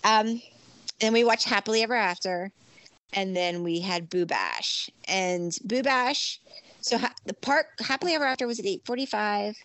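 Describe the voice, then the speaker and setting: A woman's voice: normal speed, no echo. Chatty middle-aged woman telling a story. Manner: animated storyteller, acts out quoted lines in a high voice. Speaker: guest recounting a theme park trip. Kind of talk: casual chat.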